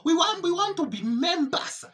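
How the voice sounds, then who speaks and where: Condemned preachers shout up from the fire, as a woman voices them, begging to be taken back. The voice rides high and strained with desperation. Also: big pitch swings, moderate pace, recorded from a distance. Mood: desperate plea. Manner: shouting, pleading. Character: condemned pastors in hell crying to go back.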